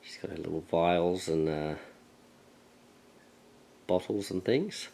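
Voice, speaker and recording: A man hosting a board game channel, casually unboxing and thinking aloud with relaxed, hesitant fillers. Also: low-pitched, slow, gravelly, rough recording. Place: at a table, handling game pieces.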